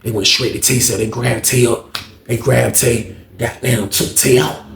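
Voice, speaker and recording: A man's voice: normal speed, gravelly, roomy sound, slight background noise. A man telling a long personal story in casual, profane speech, acting out the voices of the people in it. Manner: animated, profane, acts out quoted voices with big jumps up in pitch. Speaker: storyteller vlogger.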